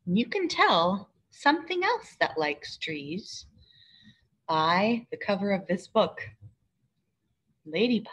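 A woman teacher reading a picture book aloud to young children, slow and expressive, with high hooting refrains and questions to her listeners. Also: husky. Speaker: preschool teacher.

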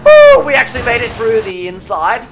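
A young man giving live commentary while streaming a racing game, excitable and whooping at near misses. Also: high voice, brisk, over music, rough recording. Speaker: gaming streamer. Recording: game audio with engine noise.

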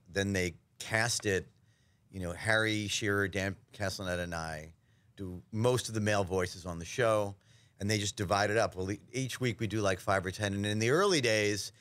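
A man from New York, a voice actor guest telling animated stories in a casual interview, slipping into impressions. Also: lowish voice. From New York, USA. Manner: animated storyteller, slips into impressions.

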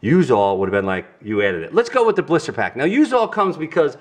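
Goofy, chatty New York dad. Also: male voice, on the high side, huge pitch swings, fast. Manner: goofy, chatty, talks straight to viewers. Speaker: family vlog host. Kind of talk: casual card-opening vlog.

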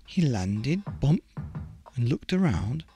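A man reading a bedtime story aloud in a gentle, expressive, unhurried way. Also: mid-range voice, soft background music.

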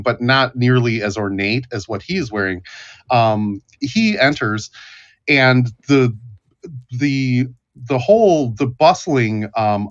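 A man narrating as game master of a tabletop game, halting with frequent restarts. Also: mid-range voice. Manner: halting, many restarts and fillers. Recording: dull lo-fi audio.

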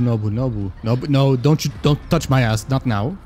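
A man's voice: medium pitch, moderate pace, a little hiss or hum. A man streaming a video game, chatting casually with viewers, swearing and yelping at the action. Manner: excitable, swearing, yelps at the action. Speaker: gaming streamer. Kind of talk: casual live-stream commentary while playing.

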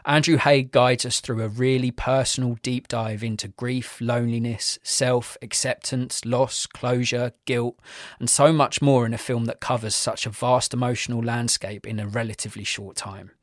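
A man's voice: mid-range voice, fairly even intonation, moderate pace, no room sound, studio quality. A man co-hosting a film podcast, talking earnestly and reflectively about a film, with the odd swear word. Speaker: podcast co-host. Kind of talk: casual film review chat.

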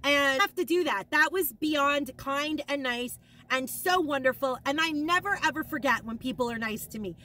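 A woman in a casual shopping haul vlog, gushing and rambling with excitement, emotional and near tears at times. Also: high voice, normal speed, slight background noise. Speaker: haul vlogger.

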